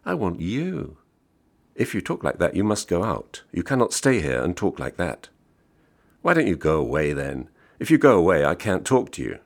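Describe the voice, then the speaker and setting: A man reading aloud voices a blunt, insistent American traveller, curt and persistent, with a deep, husky, creaky voice. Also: huge pitch swings, moderate pace, exaggerated voice. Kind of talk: audiobook reading.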